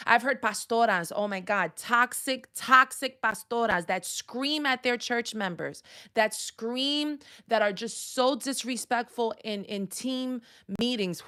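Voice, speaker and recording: A woman counselor speaks on a faith-based live stream, with a voice sitting a little on the high side. She talks emphatically in a preacherly way and punctuates her points with exclamations. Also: normal speed, pushed and bright.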